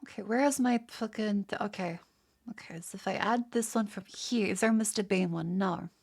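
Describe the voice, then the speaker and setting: A woman's voice: mid-range voice, normal speed, gravelly, darkish tone. A woman with an Australian accent, chatting casually on a livestream and swearing freely. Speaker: streamer.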